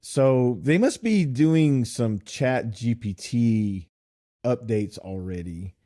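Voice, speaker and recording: Podcast co-host from Nashville, middle-aged man, relaxed mellow voice, animated storyteller. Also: medium pitch, slow. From Nashville, USA. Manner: animated storytelling, laughs often. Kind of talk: casual chat.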